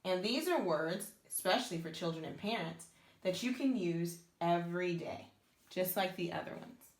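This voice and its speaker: A woman's voice: lowish voice, expressive, moderate pace, roomy sound. A woman teaching beginners to read Hebrew letters, sounding them out step by step and praising the learners. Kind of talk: slow, patient reading lesson.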